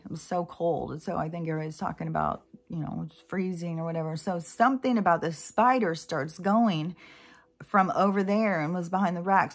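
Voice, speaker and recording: A woman vlogger talking in a rambling, casual monologue, full of fillers and asides. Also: fairly low pitch. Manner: chatty, meandering, many fillers and asides.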